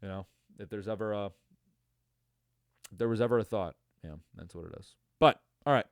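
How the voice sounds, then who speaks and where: A man's voice: fairly low pitch, moderate pace, smooth, no echo. A man hosting a casual sports podcast, ranting in a profane, tired way with lots of fillers and restarts, close to the mic. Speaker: podcast host.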